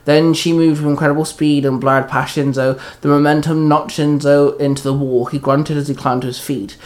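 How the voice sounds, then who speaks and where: A man reading a fan-fiction story aloud in a plain, steady way with small slips. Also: on the high side, moderate pace. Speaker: reader.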